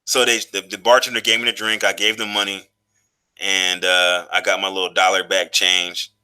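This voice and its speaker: A man's voice: low voice, little pitch movement, moderate pace, bright, forceful tone, clean tone. A man in his thirties telling a personal story in a loose, profane, casual monologue, full of fillers and restarts. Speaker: vlogger.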